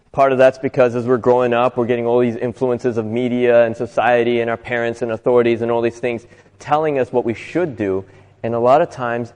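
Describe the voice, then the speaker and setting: A man's voice: mid-range voice, darkish tone, long reverb tail. A man giving an inspirational talk to a live audience in a conversational way, often asking listeners rhetorical questions. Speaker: motivational speaker.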